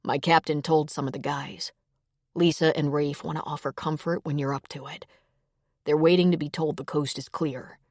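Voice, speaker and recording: A woman voicing a grieving young husband who stays gentle and protective, speaking in a soft, lowered, steady voice. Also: normal speed, no room sound, clean studio sound, lightly acted.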